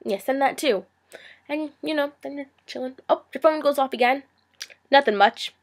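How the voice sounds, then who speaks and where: A woman's voice: high-pitched, moderate pace. A teenage girl ranting in a vlog, sarcastic and exasperated, now and then slipping into mocking impressions. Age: teens. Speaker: vlogger.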